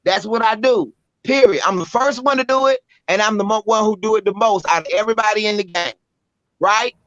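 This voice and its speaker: A woman with a Southern US accent, a spoken word poet telling a story as an interview guest, animated, blunt and profane. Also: mid-range voice, a little fast, no room sound. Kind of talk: casual storytelling. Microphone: podcast microphone. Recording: dull lo-fi audio.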